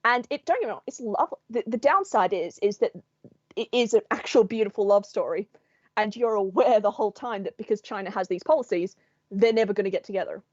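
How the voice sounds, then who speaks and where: A woman's voice: mid-range voice, lively intonation, a little fast, dry recording. Woman co-host, casual chat, swears freely and laughs mid-story; dull, dry recording. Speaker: podcast co-host.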